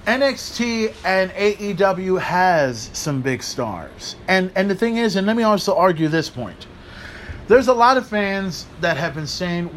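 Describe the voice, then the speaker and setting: A man with a high voice, hosting a podcast and ranting hard, swearing and hammering each point home. The recording carries a faint layer of background noise. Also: animated, unhurried. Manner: ranting, profane, emphatic. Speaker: podcast host. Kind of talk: solo wrestling commentary rant.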